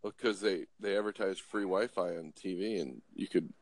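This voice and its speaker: A middle-aged man from Los Angeles casually telling a story, animated, acting out voices and restarting often. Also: low voice, normal speed, no room sound. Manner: animated, acts out voices, swears, frequent restarts. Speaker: guest storyteller.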